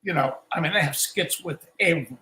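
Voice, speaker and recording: A man's voice: fairly high pitch, quick pace, bright, forceful tone, a little hiss or hum, poor audio. An older man, a guest musician, telling rambling stories in a casual live Q&A. He restarts his sentences often and acts out quoted lines.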